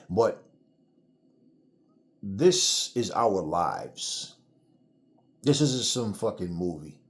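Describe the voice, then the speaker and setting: Middle-aged male host, low-pitched, angry blunt rant with heavy cursing. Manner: blunt, heated, swears freely. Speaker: channel host. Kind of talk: angry solo commentary.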